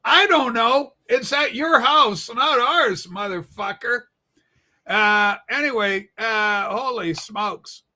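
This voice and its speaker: A man co-hosting a political livestream, mocking and profane, talking loudly in crude banter. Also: extremely high pitch, takes it slowly.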